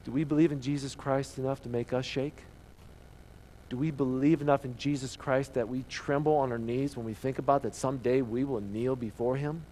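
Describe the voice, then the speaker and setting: A man preaching a sermon as pastor, earnest, asking the listeners questions and dropping to a hushed voice for emphasis. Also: mid-range voice, fairly even intonation, brisk, a little hiss or hum, poor audio.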